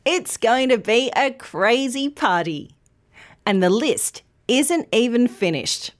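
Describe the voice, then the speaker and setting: A woman narrates a scripted English lesson at an unhurried pace. Her pitch moves a lot as she leans on each word, and she pronounces every syllable carefully and clearly. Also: lively intonation. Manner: slow, clear, carefully enunciated teaching. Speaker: English teacher.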